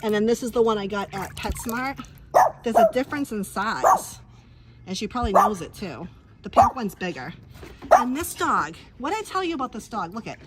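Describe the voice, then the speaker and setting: A woman's voice: fairly high pitch, very animated, normal speed, very noisy. A woman chatting casually on a phone live stream outdoors by a pool, rambling and teasing her dogs. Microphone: handheld phone. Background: dogs barking.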